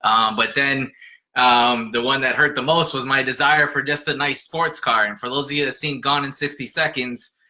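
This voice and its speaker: A man speaking as a guest in a casual chat, easygoing and quick to laugh. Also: medium pitch, steady tone, bright, forceful tone.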